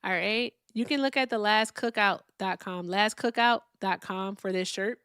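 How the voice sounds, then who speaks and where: A woman's voice: mid-range voice, normal speed, fairly bright tone, clean tone, no room sound, studio quality. A woman hosting a live call-in debate stream, chatting casually, thanking viewers by name and explaining things patiently.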